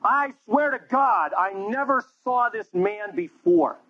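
A man voicing a frightened disciple who slowly and desperately swears he never knew his teacher. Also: high-pitched, animated, voice pushed up, full character voice. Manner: slow, desperate, insistent. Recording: tinny phone-like line.

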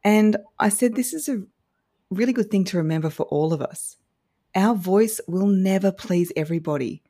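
A woman's voice: mid-range voice, normal speed, warm tone, husky. A woman giving encouraging advice as a podcast guest, with a polished, broadcast-trained delivery. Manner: upbeat, encouraging. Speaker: guest social media coach.

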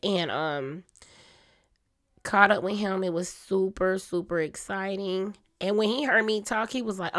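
A young adult woman hosting a casual personal podcast, chatty and confiding, her voice a little hoarse and throaty. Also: unhurried, fairly bright tone. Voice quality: deeper, grown-up voice than her usual small one. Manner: chatty, confiding, talks straight to listeners as y'all. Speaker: podcast host.

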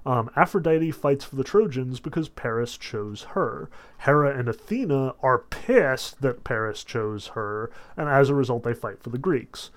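Chatty young man giving a lecture. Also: medium pitch. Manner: chatty, many fillers, animated retelling. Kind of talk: casual lecture on classics.

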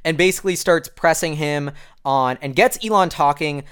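A man giving a casual, rambling commentary recap as a vlogger, excitable and full of fillers. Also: on the high side, normal speed, clear, resonant tone.

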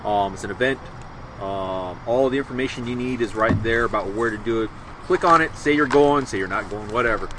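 A man co-hosting a casual motorcycle podcast who talks in a relaxed, rambling way. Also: lowish voice, fairly quick, background noise. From Middle Tennessee, US. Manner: relaxed, rambling, laughs easily. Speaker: podcast co-host.

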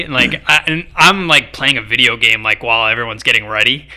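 A man's voice: medium pitch, fairly even intonation, normal speed, sharp tone. A young man in his twenties, a podcast co-host telling a story in a casual, rambling way with many fillers. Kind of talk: casual chat.

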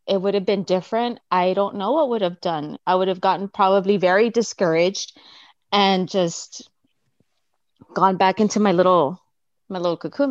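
An earnest woman speaks at a middle pitch, reflective, and she livens up when she acts out what others said. Her voice comes through a video call that sounds dry and dull, with little room around it. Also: dry recording. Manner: earnest, reflective storytelling with animated quoted asides. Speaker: participant sharing her story. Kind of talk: casual personal sharing on a video call.

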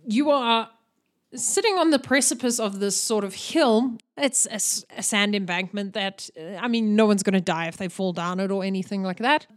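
A woman narrating a tabletop game as game master, chatty and laughing. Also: mid-range voice.

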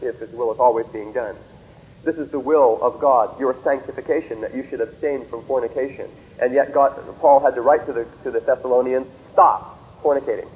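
This one sounds like it's coming through a phone: a medium-pitched man teaching theology, methodically reading and emphasizing Bible verses. He checks in with rhetorical questions such as "See?" and "Okay?".

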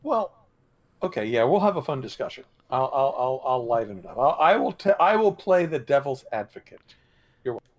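A man's voice: medium pitch, very animated, brisk, highs cut off. A man co-hosting a podcast, sarcastic and joking in casual political chat. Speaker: podcast co-host.

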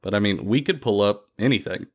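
A man's voice: on the low side, fairly quick. A man hosting a casual gaming podcast, telling stories playfully with many fillers. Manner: animated, playful storytelling with lots of fillers. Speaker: podcast host. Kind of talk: casual tabletop gaming chat.

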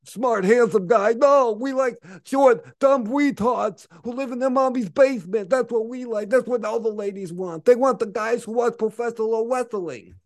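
A man putting on the voice of a sneering online hater, in a whiny, mocking falsetto. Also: normal speed, few pauses. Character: shrill sneering online hater, male adult.

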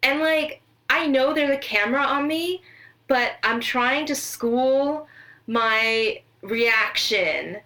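A woman in her thirties, co-hosting a podcast and telling a story in a chatty, animated way. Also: sits high, takes it slowly, poor audio. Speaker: podcast co-host. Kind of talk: casual chat.

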